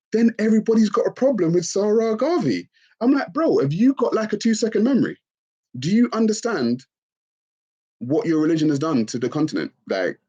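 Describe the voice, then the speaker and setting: A man hosting a live stream, talking expressively and mockingly, often leaping into shrill put-on voices. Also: darkish tone, slightly rough, muffled recording. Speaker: livestream host. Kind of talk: animated live-stream rant.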